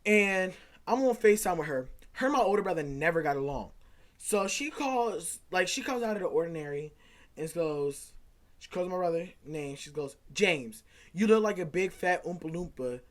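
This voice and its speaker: A young man, likely in his teens, telling a casual storytime, rambling and animated as he acts out quoted back-and-forth dialogue. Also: high voice, moderate pace. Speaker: vlogger.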